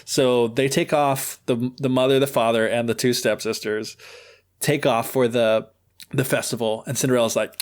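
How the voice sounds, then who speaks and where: A man's voice: mid-range voice, steady tone, moderate pace. A man hosting a podcast, retelling a fairy tale in a chatty, joking way with lots of fillers. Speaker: podcast host. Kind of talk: casual storytelling.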